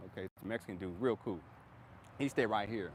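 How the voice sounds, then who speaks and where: Man, vlogger, rambling storyteller, outdoors, quick talker, faint street noise. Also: lowish voice. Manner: rambling, repeats himself, conversational. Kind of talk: storytelling vlog.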